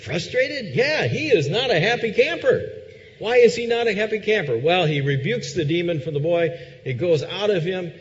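A man preaching a sermon, asking rhetorical questions and moving between loud emphasis and quiet, intense passages. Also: sits high, lively intonation, moderate pace. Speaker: pastor. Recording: dull sound with long hall reverb.

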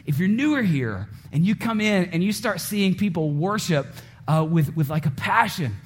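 Pastor guy in his 30s preaching, pretty high voice, animated, talks right to the crowd and does little voices. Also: moderate pace. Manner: animated preaching, acts out voices and story scenes; talks directly to the congregation. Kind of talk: sermon.

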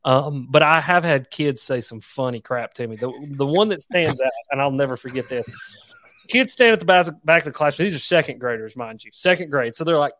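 A man, a former elementary school teacher, telling animated folksy stories in a casual podcast chat. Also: medium pitch, fairly quick, dry recording.

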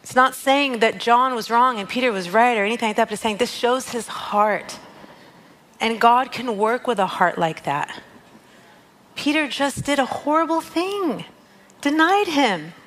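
A woman's voice: fairly high pitch, animated, a little slow, a bit bright, low-quality recording. A woman giving a heartfelt, conversational devotional talk and reading scripture aloud. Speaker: worship leader sharing a devotional. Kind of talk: devotional teaching.

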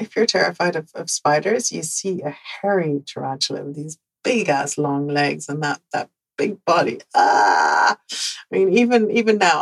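Dutch-accented woman with a gravelly, husky voice. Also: sits low, low-quality recording. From Netherlands. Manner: animated, repeats words for emphasis, laughs often. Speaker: podcast host. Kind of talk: personal storytelling monologue.

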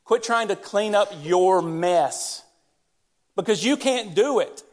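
A high-pitched man preaches slowly to his congregation in the church sanctuary during a service. As their pastor, he speaks to them directly and conversationally.

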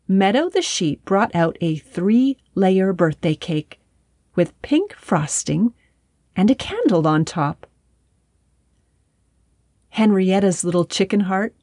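A woman reads a children's story aloud, gentle and unhurried. Her pace is slow and soothing, and the recording is close and dry with no room sound. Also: mid-range voice, no echo. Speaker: storybook narrator.

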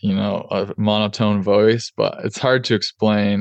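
Low gravelly-voiced man, casual. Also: little pitch movement, a little slow, hardly any pauses, a little mellow, dry recording, dull audio. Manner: candid, conversational, many fillers. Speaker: podcast host and oral surgeon. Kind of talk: casual podcast storytelling.

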